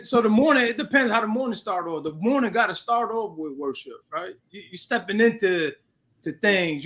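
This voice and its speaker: A man's voice: sits high, sharp tone. A man in casual chat, speaking reflectively and checking in with "right?" as he goes. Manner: reflective, tags lines with "right?".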